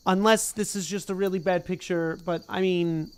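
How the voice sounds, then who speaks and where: A streamer reading a novel aloud in a relaxed, casual way, stumbling over words now and then and breaking off to chat. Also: medium pitch, normal speed, smooth. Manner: chatty, easily sidetracked, stumbles over words.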